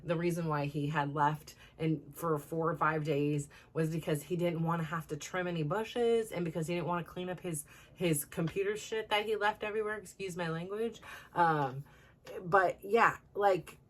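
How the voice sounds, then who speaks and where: A woman's voice: on the low side, normal speed. A middle-aged woman hosting a self-improvement show, telling a personal story in a rambling, casual way full of "like" and "you know" and restarts. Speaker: self-improvement podcast host.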